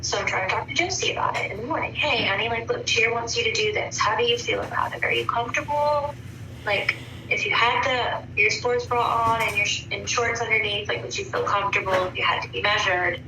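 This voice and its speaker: A woman's voice: medium pitch, fairly quick. A woman in her thirties giving a rambling, frank account in a counseling session, swearing freely. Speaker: counseling client. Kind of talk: casual personal account. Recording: echoey room from far off, faint noise.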